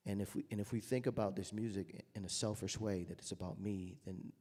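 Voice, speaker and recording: A man's voice: lowish voice, steady tone, brisk, long reverb tail. A man, a jazz trumpeter, telling anecdotes to an audience and acting out the voices he quotes. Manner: storytelling, acts out quoted voices loudly.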